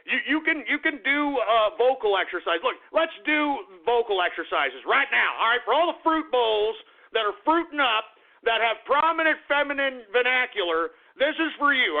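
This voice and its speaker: A man hosting a talk radio show, ranting in a crude, repetitive monologue. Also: extremely high pitch. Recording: tinny phone-like radio sound.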